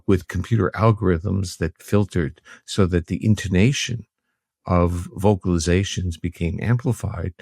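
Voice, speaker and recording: An older man with a very low, deep voice talks through his research in a measured, academic way. The sound is dry and close, with no room around it. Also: a little mellow, no room sound. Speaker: guest, researcher. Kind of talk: explanatory interview talk.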